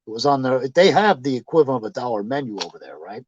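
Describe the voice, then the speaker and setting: A man's voice: medium pitch, big pitch swings, quick pace, slight background noise. A man telling rambling, profane anecdotes in casual chat, laughing as he goes. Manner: rambling, swearing, laughing storyteller. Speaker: storytelling guest. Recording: dull lo-fi dry sound.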